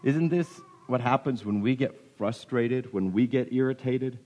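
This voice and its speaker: A man preaching a sermon, animated and full of questions, repeating himself as he goes, with a cold coming on. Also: medium pitch, normal speed. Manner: animated, questioning, with many restarts. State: getting a cold. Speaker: pastor.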